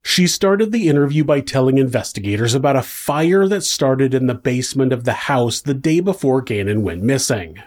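A man's voice: medium pitch, darkish tone. A man reading a scripted true-crime narration with dry, sardonic asides.

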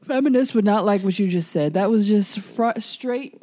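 A woman with a soft, soothing voice, co-hosting a casual chat and firing back quick, dry comebacks. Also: mid-range voice, no echo. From Philadelphia. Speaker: podcast co-host. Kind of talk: casual chat between friends.

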